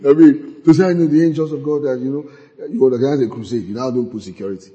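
A male preacher teaches from the Bible with a lively, swinging delivery and breaks into laughter often. His voice carries a long, hall-like reverb. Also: fairly high pitch, a little slow, lo-fi sound.

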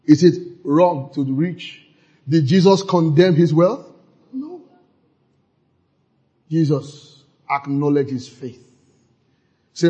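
A man delivers a fervent church sermon, drawing call-and-response from the congregation and bursting into shouts. His voice sits high and comes out husky and breathy. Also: lively intonation, slow pace, pauses often, lo-fi sound. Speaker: pastor.

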